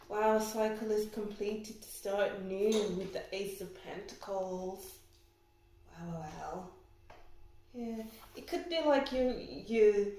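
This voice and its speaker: Slow, emotional woman reading tarot, echoey. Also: medium pitch, warm tone, slight background noise. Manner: emotional, gushing, exclaims often. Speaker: tarot reader. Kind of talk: pick-a-card tarot reading. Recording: very echoey room.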